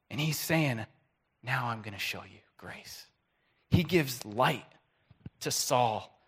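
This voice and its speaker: Guy preaching a sermon, kinda high voice, goes quiet then loud, really animated. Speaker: pastor.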